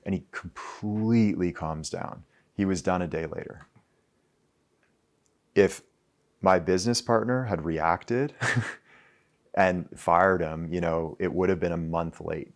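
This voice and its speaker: A man's voice: low voice, steady tone, takes it slowly, long pauses. A man in his thirties talking loosely to a live audience, full of "like" fillers and the odd swear word. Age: 30s. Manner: loose and conversational, with frequent "like" fillers and profanity. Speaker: speaker addressing a live audience. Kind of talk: casual talk to an audience.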